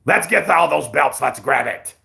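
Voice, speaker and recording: A man's voice: a little high, animated, normal speed, gravelly, pushed and bright, full character voice. A man doing a crude grumbling boxer. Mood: scheming. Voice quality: coarse, profane, muttering. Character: crude scheming British heavyweight boxer, grumbling.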